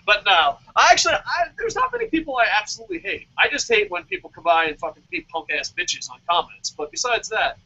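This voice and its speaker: A man co-hosting a casual podcast, excitable and swearing often, with mock-dramatic outbursts. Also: sits high, quick pace, few pauses, a little hiss or hum. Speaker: podcast co-host. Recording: dull lo-fi podcast audio.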